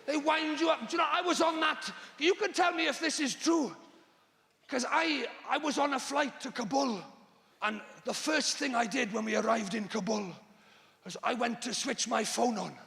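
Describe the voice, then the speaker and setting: Exasperated high-voiced male comic. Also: moderate pace, gravelly. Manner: exasperated, bursts into shouting. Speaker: stand-up comedian. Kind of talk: live stand-up routine. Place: large theatre stage. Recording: echoey large theatre.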